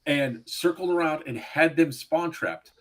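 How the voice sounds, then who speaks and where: A man's voice: fairly high pitch, a little slow, a bit bright, low-quality recording. A man hosting a podcast, bantering and teasing his guests in a casual, boastful way. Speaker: podcast host. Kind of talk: casual chat.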